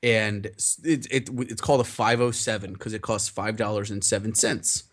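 A man's voice: fairly low pitch, level tone, normal speed, a bit bright. A young man rambling through a story in casual chat, acting out the dialogue and swearing often.

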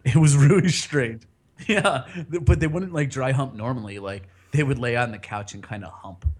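A man's voice: medium pitch, moderate pace. A man casually telling a long personal story on a podcast, rambling, laughing often and swearing freely.

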